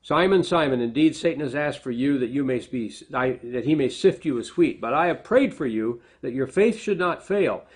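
A man's voice: medium pitch, animated, moderate pace, hardly any pauses, slightly rough. A man preaching a sermon, reading scripture aloud with lifted emphasis and then explaining it in plain, conversational asides. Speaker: pastor.

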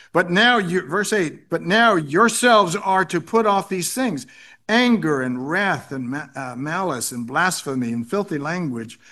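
A man delivering a sermon in a slightly raised pitch. He reads verses aloud and repeats his key phrases to press the point. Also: fairly bright tone. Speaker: pastor.

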